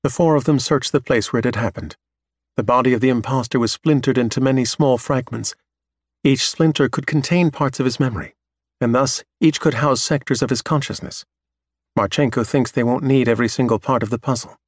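A man reading a story aloud in steady, measured scripted narration. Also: mid-range voice, no echo, clean studio sound.

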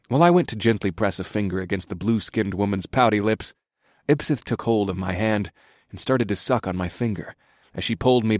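Low-voiced male story narrator. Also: dry recording, clean studio sound. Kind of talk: scripted erotic story narration.

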